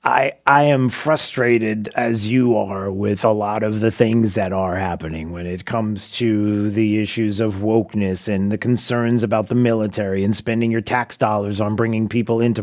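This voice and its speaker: A man with a lowish, slightly mellow voice hosts a talk radio show, posing rhetorical questions and driving his points home with emphasis. The talk is an opinionated radio monologue mixed with banter.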